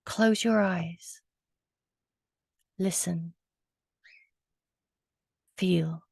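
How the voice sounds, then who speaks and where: Woman, storyteller, dry close sound, hushed and slow, lingering on words. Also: fairly low pitch, dry recording. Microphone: video call.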